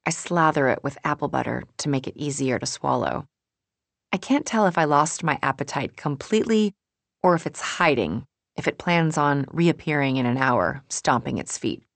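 A woman narrating a first-person novel in a measured, wry way. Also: sits low, expressive, vocal fry, no room sound. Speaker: audiobook narrator.

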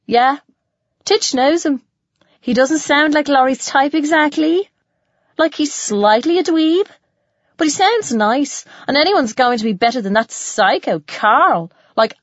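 A woman's voice: sits high, animated, measured pace, a bit bright, no room sound, muffled recording, full character voice. A woman playing a chatty, gossipy teenage girl in an audiobook, talking in gushing, filler-heavy chatter.

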